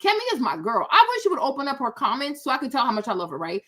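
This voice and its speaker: Emphatic high-voiced woman host commentating. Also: very animated, rapid-fire, pushed and bright. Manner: emphatic, repeats herself, fillers like "right?" and "okay?". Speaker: channel host. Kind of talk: casual commentary to viewers.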